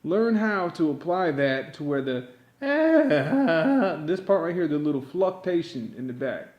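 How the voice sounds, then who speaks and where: A man with a slightly high voice rambles through a loose yodeling lesson, circling his points and leaning on fillers. The sound is roomy, with the echo of the space around him. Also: normal speed, highs cut off. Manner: rambling, packed with "you know" fillers. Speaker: yodeling teacher. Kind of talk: rambling improvised monologue.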